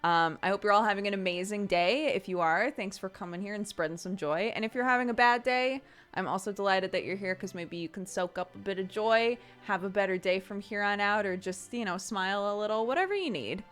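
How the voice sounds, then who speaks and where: A woman's voice: mid-range voice, fairly quick. Chatty woman streamer telling stories. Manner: animated storytelling, frequent laughter; acts out quoted voices while retelling. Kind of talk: casual chat with stream viewers.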